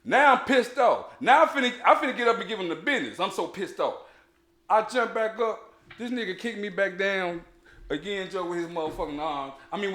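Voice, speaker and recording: Male podcast host, casual storyteller, high voice, echoey room. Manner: animated, laughing storyteller, heavy slang and restarts.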